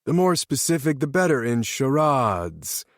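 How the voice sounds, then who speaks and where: A man doing a loud goofy teenage boy. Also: normal speed, dry recording, clean studio sound, natural voice. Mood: excited. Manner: yelling, excitable, high-pitched.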